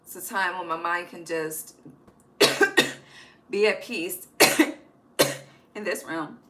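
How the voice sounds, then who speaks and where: Speaking slowly in a fairly low, steady voice with a sharp edge, a tarot reader does an emphatic, casual reading at home at night. She curses freely and adds slang-filled asides, captured on a low-quality recording.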